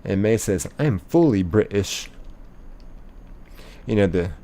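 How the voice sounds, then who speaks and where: Deep-voiced young man reading chat. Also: lively intonation, unhurried, dark tone. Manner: rambling, reads chat messages aloud, many ums and likes. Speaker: streamer. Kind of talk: casual live-stream chat reading.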